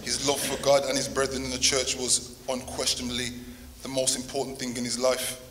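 A man reading a eulogy for the grandfather who raised him, with a steady, even delivery. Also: medium pitch, a little fast, crowd noise. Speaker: grandson giving a tribute. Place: church. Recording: long hall reverb, faint noise.

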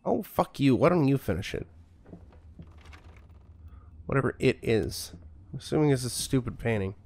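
A man's voice: medium pitch, expressive, moderate pace, creaky, darkish tone, slight background noise. A man streaming a horror game, commenting with sarcastic, profane jokes. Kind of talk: casual gameplay commentary.

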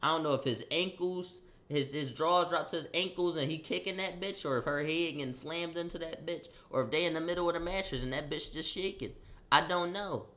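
Animated young man telling a story. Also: on the high side, fairly quick. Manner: animated, slangy, acts out quotes loudly. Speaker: vlogger. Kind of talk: casual storytelling.

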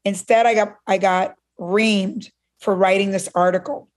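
A middle-aged woman from Cuba, a guest in an interview, telling a personal story in an animated way and acting out what others said. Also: medium pitch, a little slow.

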